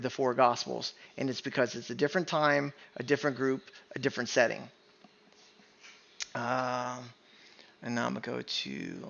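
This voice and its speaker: Man, online Bible teacher, emphatic and insistent, gravelly, muffled home recording. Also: mid-range voice, a bit bright. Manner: emphatic, keeps asking "right?". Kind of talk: screen-share Bible study sermon.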